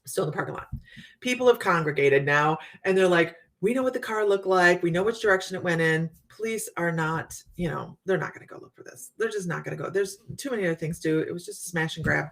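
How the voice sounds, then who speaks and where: A woman psychic medium hosting a casual live chat, telling stories to her viewers in a chatty, animated way. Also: lowish voice, fast talker. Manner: chatty storytelling, Southern US "y'all".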